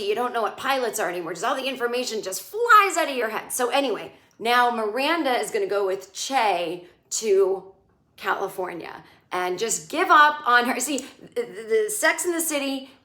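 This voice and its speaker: A woman's voice: medium pitch, lively intonation, moderate pace, fairly bright tone. Sarcastic woman ranting about a show. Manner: sarcastic ranting, mocking quoted lines in put-on voices. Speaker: comedian recapping a TV episode. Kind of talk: casual comedic monologue. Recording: echoey room.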